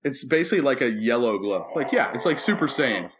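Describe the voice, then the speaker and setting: A man telling a story on a podcast in a relaxed, chatty way, with a mid-range voice. He acts out the quoted lines, sometimes breaking into snatches of song, then drops back to a low, steady tone. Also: fairly quick, noisy background. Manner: animated storyteller who acts out quotes and sings movie lines. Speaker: podcast co-host, preacher. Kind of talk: casual chat, storytelling.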